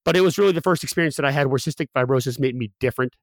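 A man's voice: mid-range voice, very fast, gravelly, no room sound, clean studio sound. A young man telling a personal story as a guest, candid and full of fillers and restarts.

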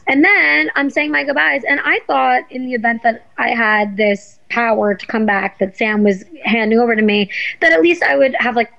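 A woman guest telling a story in a casual interview, animated and swearing, acting out what people said. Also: fairly high pitch, vocal fry, lo-fi sound. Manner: animated, swearing, acts out quotes. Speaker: guest, former reality show contestant.

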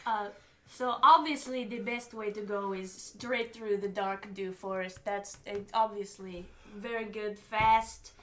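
A woman's voice: mid-range voice, fairly even intonation, unhurried, a bit bright, close to an everyday voice. A woman playing a haughty, sarcastic noble. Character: haughty young female noble. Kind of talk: in-character tabletop role-play.

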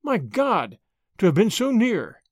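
A man doing an excitable young American man. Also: high voice, a little slow, dry recording, studio quality, voice pushed up, heavily acted. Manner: excitable, gloomy. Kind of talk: audiobook character reading.

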